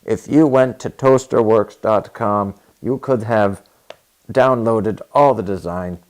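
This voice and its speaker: A man playing a nervous actor who slowly stumbles through his lines. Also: lowish voice, a little mellow, pitched above the performer's own voice. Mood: halting. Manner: halting, slow, reading word by word.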